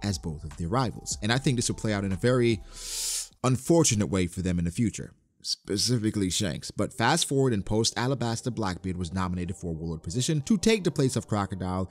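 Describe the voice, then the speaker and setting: A man giving an animated lore commentary, with playful, jokey asides. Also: lowish voice, fast.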